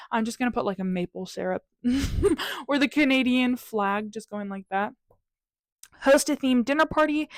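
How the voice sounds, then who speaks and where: A woman's voice: on the high side, dry recording. A young woman vlogger talking casually and upbeat through her journal pages, with a chatty, self-mocking manner.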